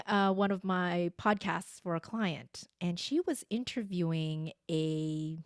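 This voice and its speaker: A woman's voice: on the low side, dry recording, clean studio sound. A woman in her forties, a voice coach and podcast guest, telling a story in conversation and acting out the lines she quotes. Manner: animated, acts out quoted lines.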